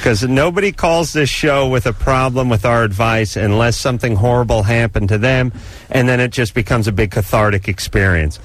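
Joking talk radio host, dry close sound. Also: male voice, medium pitch, moderate pace, no echo. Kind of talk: casual radio banter.

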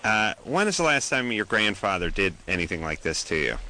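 A man's voice: on the low side, big pitch swings, fairly quick, sharp tone. A man hosting a call-in radio show, blunt and wisecracking with callers.

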